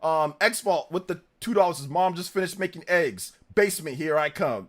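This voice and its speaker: A young man hosting a live reaction stream, chatting in a relaxed, slangy way, humming tunes and laughing often. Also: a little high, normal speed.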